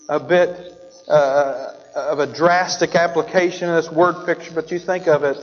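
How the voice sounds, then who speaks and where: A man gives a sermon as pastor, telling a story and voicing its characters along the way. His voice sits high, and the sound is dull, with a long reverb from the church hall. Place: church sanctuary.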